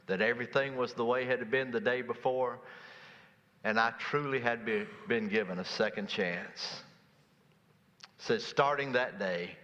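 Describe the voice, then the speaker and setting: Male pastor, storytelling sermon, bright forceful tone, long church reverb, slightly dull sound. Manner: storytelling, drops low and quiet for quoted lines.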